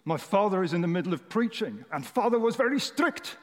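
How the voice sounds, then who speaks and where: A man doing an elderly German preacher with a thick German accent, telling his tale in an earnest, dramatic way, his voice pitched up and bouncing off the walls of an echoey hall. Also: sing-song, a little fast. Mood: dramatic recounting. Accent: German, put on. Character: elderly German male preacher recounting his boyhood calling.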